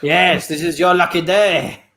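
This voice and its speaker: A man's voice: sits high, fairly even intonation, pushed and bright, full character voice. A man improvising a boastful, flirty French pastry shop owner in a put-on French accent. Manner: theatrical, boastful, drawn-out delivery. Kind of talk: improvised comedy scene.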